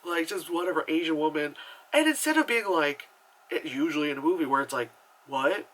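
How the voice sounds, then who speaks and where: A man's voice: a little high, expressive, quick pace, a bit bright, poor audio. A man reviewing a movie in a casual, rambling chat full of asides and fillers.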